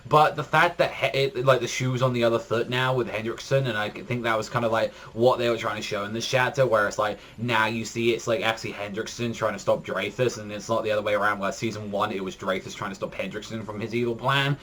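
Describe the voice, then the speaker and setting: A man giving a casual spoken manga chapter review, rambling with constant fillers and jumping up in pitch when excited. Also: fast talker, hardly any pauses. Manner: rambling, heavy use of "like", frequent restarts.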